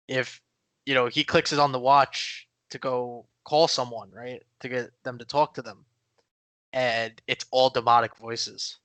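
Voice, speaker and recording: A man's voice: medium pitch, fairly bright tone, dry recording. A man co-hosting a podcast in casual chat, rambling with many fillers and restarts. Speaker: podcast co-host.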